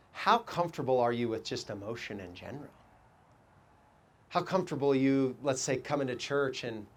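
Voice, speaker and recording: A man preaching a sermon as pastor, telling stories with lively quoted voices and asking the congregation reflective questions. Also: mid-range voice. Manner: animated storytelling, quoting people in raised voices.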